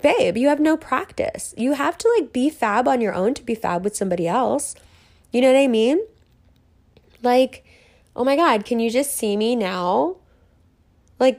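Brief: higher-voiced woman, stream host, bubbly and gushing, swears casually, "like" in every phrase. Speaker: host of her own live stream. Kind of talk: casual motivational monologue. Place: sitting on a velvet couch in a room full of bamboo.

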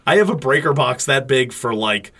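A man in a relaxed movie-commentary chat, sarcastic and loose-tongued, with plenty of swearing. His pitch sits in a middling range. He riffs on scenes and tosses out quick jokes. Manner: profane, sarcastic, animated riffing. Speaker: podcast co-host.

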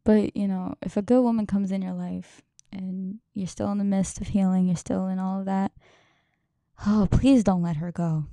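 A woman's voice: medium pitch, fairly even intonation, normal speed, mellow, no room sound. A young woman hosting a podcast, talking in a rambling, emotional way, swearing and laughing often. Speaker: podcast host. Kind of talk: casual podcast monologue.

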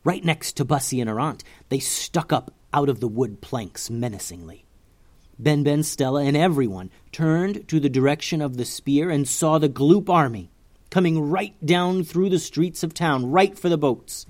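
A man reading a children's adventure story aloud with expressive narration. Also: on the high side, moderate pace.

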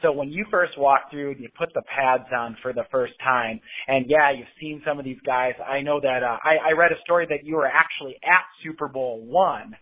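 A man's voice: medium pitch, normal speed, few pauses. A male host asking long, eager questions with many fillers. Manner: enthusiastic, wordy, many fillers. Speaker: podcast host. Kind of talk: interview questions. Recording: tinny phone line.

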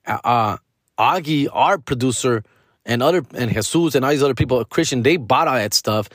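A man in his forties talking off the cuff as a podcast host, rambling from thought to thought. His talk is slangy and full of swearing and street fillers, and his pitch sits in a middle range. The sound is dry and close with no room echo. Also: normal speed, fairly bright tone. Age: 40s. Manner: rambling, slangy, profane, peppers speech with "fool" and "dog". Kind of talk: casual monologue.

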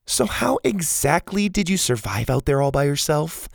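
A man voicing a bold, sarcastic girl at a camp in a storybook reading, with a husky, gravelly voice. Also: on the high side, big pitch swings, normal speed, no room sound, clean studio sound, voice pushed up, exaggerated voice. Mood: teasing. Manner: teasing, sarcastic.

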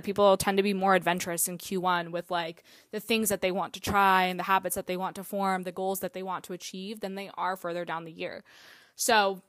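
A woman's voice: medium pitch, fairly bright tone, no room sound. A woman hosting a solo podcast in a casual, chatty way, full of fillers and the odd swear word. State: out of breath. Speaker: podcast host.

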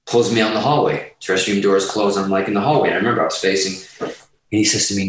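A middle-aged man telling an animated, profanity-laced story in casual chat, often laughing as he talks. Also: lowish voice, fast, heavy reverb, recorded from a distance, rough recording. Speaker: guest guitarist telling a story.

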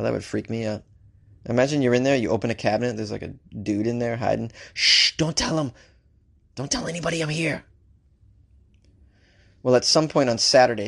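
A man hosting a comedic offbeat-news segment, reading stories and throwing in animated, jokey asides. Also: mid-range voice. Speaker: host.

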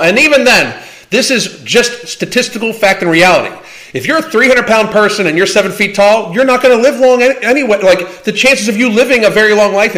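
A man's voice: sits high, a bit bright. A man hosting a livestream Q&A, talking in a blunt, profane and combative way. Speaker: livestream host. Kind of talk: livestream Q&A rant.

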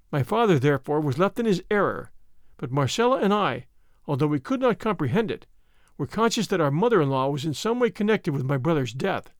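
A man narrating a classic tale as an audiobook reading, in an expressive, dramatic manner. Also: fairly high pitch, dry recording, clean studio sound.

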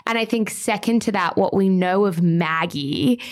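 A woman's voice: mid-range voice, normal speed. A woman hosting a casual book club discussion, opinionated and reading passages aloud.

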